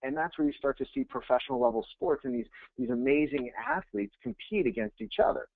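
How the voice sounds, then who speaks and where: A man, a real estate coach, giving an energetic, conversational webinar presentation and repeating phrases for emphasis. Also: on the high side, brisk, gravelly, no echo. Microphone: webinar audio feed. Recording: tinny phone-like line, dry.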